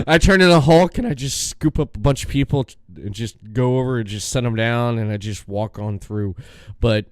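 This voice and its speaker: Guy hosting a podcast, mid pitch, dry close sound, tells stories loud and animated, cracks himself up. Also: moderate pace, no echo. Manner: animated storyteller, acts out his own outbursts, laughs often. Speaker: podcast host. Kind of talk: casual chat.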